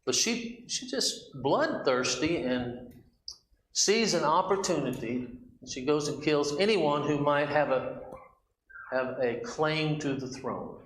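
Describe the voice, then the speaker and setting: A man's voice: fairly high pitch, slow pace, fairly bright tone, roomy sound, slight background noise, poor audio. A man teaching a Bible study class, asking questions and reading scripture aloud in a conversational way. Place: church classroom.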